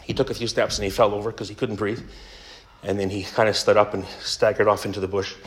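A man's voice: lowish voice, flat delivery, fast talker. A Canadian man telling a funny story in a casual sermon, with self-mocking humor. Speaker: preacher.

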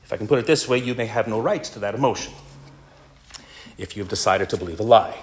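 Guy preaching a sermon, earnest and emphatic, goes quiet for the inner-voice bits. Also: lowish voice, quick pace, a little hiss or hum.

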